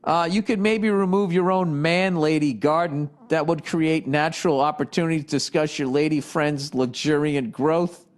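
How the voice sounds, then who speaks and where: A man's voice: fairly high pitch, fairly even intonation, moderate pace, few pauses. A man hosting a podcast, reading listener questions aloud and riffing on them in a profane, exasperated comedic rant. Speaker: podcast host. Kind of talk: ranting comedic monologue.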